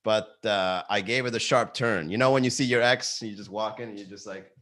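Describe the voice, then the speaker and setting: A man hosting a live comedy podcast, telling stories casually with lots of swearing and sudden high excited outbursts. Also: a little fast. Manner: animated storytelling, swearing, jumps into high excited voices for quotes. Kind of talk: casual live-stream chat. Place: Miami.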